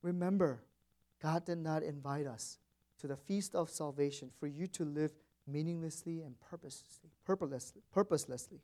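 A man's voice: fairly high pitch, fairly even intonation, normal speed, mellow. Man preaching an emphatic sermon. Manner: emphatic preaching with repeated phrases and rising stresses. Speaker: pastor.

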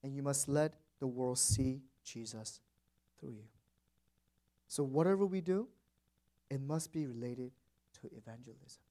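A man's voice: mid-range voice, measured pace, pauses often, mellow. A man preaching a sermon as pastor in a church, stressing words and repeating phrases for emphasis.

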